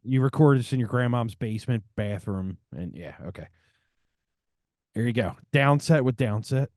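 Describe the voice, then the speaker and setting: A man's voice: medium pitch, normal speed, darkish tone, no echo. Podcast co-host, man, middle-aged, foul-mouthed fan, dry studio sound. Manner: swears a lot, enthusiastic about records. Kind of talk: casual chat.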